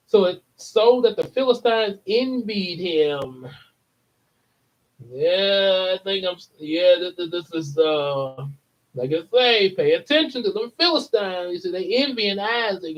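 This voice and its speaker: Slow high-voiced man reading scripture. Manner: chatty, playful asides, chuckles. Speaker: Bible reader for a church channel. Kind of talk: Bible reading with casual commentary. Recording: dull lo-fi recording.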